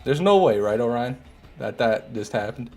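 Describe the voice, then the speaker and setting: A man's voice: medium pitch, lively intonation, moderate pace, a little mellow, soft background music. A young man streaming a video game, chatting casually and grumbling to his chat. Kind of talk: casual gameplay commentary.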